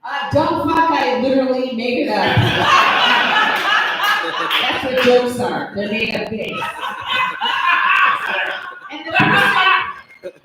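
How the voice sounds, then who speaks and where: A woman in her fifties doing a stand-up comedy set, brash and profane with deadpan punchlines. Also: high-pitched, extremely slow, long pauses. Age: 50s. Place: comedy club stage. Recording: echoey room from far off with noise.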